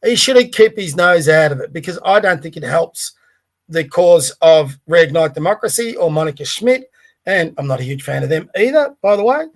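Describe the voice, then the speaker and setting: A man's voice: a little high, animated, moderate pace. A man hosting a livestreamed podcast, giving blunt, rambling commentary with plenty of swearing. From Australia. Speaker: podcast host.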